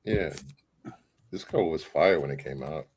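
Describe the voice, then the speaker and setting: A man's voice: extremely low pitch, moderate pace, a little mellow, a little hiss or hum. A man on a podcast panel, chatting in a laid-back way. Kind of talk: casual podcast chat.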